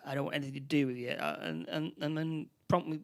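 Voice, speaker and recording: A man with a Northern English accent, co-hosting a podcast and retelling a film plot in a halting, restarting way. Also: a little high, steady tone, gravelly, clear, resonant tone. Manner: halting, many restarts, acts out character lines. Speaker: podcast co-host. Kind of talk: casual film recap chat.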